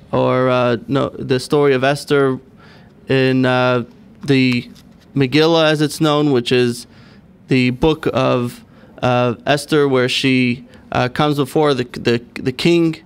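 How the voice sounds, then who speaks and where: A rabbi speaking as a studio guest on a radio show, his voice smooth and resonant. He explains in an earnest, halting way with many ums and pauses. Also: mid-range voice. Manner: hesitant, many fillers, earnest. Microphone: studio microphone.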